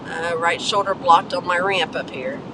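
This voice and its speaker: A woman's voice: fairly low pitch, steady tone, normal speed. A woman hosting a live stream from her car, chatting casually with viewers and greeting them by name between remarks about traffic. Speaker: livestream host. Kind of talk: casual live-stream chat while driving. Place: inside a car on the road. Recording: road noise from a moving car.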